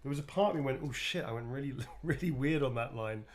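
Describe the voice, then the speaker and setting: A man's voice: medium pitch, fast talker. A middle-aged man from England chatting casually while signing autographs, laughing often and swearing freely. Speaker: actor signing autographs on a livestream. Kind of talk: casual chat.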